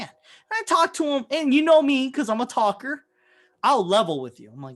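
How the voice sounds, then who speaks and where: A man in his thirties, a podcast co-host, telling stories in a casual, profane, animated way. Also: sits high, a little fast. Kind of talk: casual chat.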